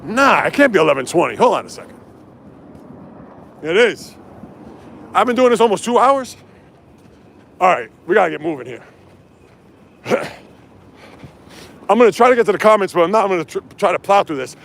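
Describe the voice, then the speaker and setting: A man's voice: high-pitched, big pitch swings, moderate pace, vocal fry, long pauses, a bit bright. A man livestreaming outdoors on city streets from his phone, chatting casually and reading viewer comments aloud as he runs. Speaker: livestream host. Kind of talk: casual livestream chat while running. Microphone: handheld phone.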